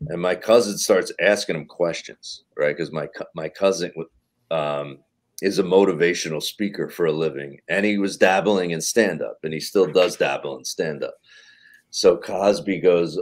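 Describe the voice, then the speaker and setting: A man, a comedian, casually telling a backstage story on a podcast, animated and profane, acting out quotes. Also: low-pitched. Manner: animated anecdote telling with swearing and acted quotes. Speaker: comedian guest.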